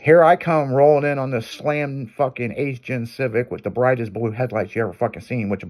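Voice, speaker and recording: A man's voice: medium pitch, steady tone, a little fast, darkish tone. A man hosting a radio show, telling a long crude story in loose casual talk.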